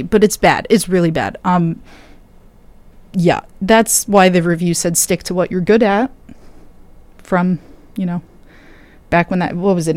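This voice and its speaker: A tired young woman works as a radio DJ, chatting casually on air between records. Her voice sits on the low side with a darkish tone, and there's no room sound. She rambles and keeps interrupting herself, leaning on plenty of fillers.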